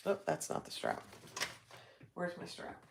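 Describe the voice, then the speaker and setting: An unhurried woman's voice comes through a very noisy recording. She's a sewing livestream host, chatty with her viewers, reading their comments, and reacting aloud as she works.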